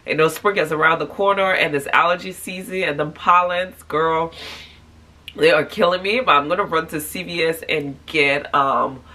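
A woman in her thirties with a stuffy, congested nose, chatting casually to camera from bed in a tired, low-energy way. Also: steady tone, moderate pace, sharp tone. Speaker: vlogger. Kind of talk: casual morning vlog talk to camera. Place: at home in bed.

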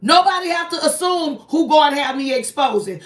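Speaking at a moderate pace, a woman with an animated, high voice runs a confrontational live stream and repeatedly grills one person with accusing rhetorical questions. Her manner is preachy, and she invokes God. The mic is some distance away, leaving a roomy echo on her voice.

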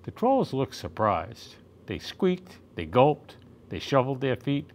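A man's voice: medium pitch, slow pace. Man reading a picture book aloud. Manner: gentle, expressive storytelling. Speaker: storytime reader.

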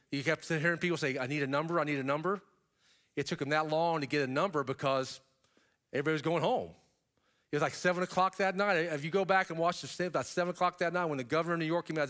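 A middle-aged man giving a keynote talk, telling a story in a lively way and turning to the audience with casual asides. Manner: animated storyteller, pitch jumping up for emphasis. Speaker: keynote speaker. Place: stage before an audience.

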